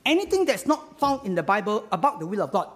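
A man preaching a sermon as a pastor, emphatic, repeating his phrases and pausing on "uh" fillers. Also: high-pitched, very animated, fairly bright tone, in a large hall.

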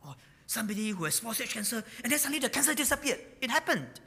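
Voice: medium pitch, very animated, fast talker, bright, forceful tone, big-room sound. A pastor preaching a sermon, emphatic and repetitive, stumbling over words with frequent fillers. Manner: emphatic, repeats key words.

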